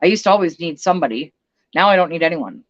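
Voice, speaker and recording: A woman's voice: on the low side, lively intonation, quick pace, highs cut off. A woman ranting bluntly on a casual livestream, swearing and speaking emphatically. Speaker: vlogger.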